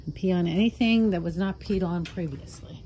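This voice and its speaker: A woman who runs a fox rescue, chatting casually to her foxes outdoors in cooing baby talk, with soft asides in between. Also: fairly low pitch, fairly quick, muffled recording, noisy background. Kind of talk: casual vlog talking to pet foxes.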